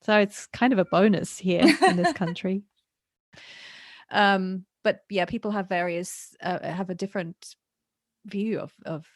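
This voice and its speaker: A British woman hosting a casual interview podcast, telling stories in a lively way and laughing often. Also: mid-range voice, moderate pace, dry recording, studio quality. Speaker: podcast host.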